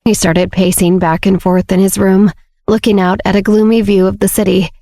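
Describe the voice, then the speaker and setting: A woman's voice: medium pitch, flat delivery, moderate pace, mellow, dry recording, clean studio sound. A woman reading a romance novel aloud as scripted audiobook narration.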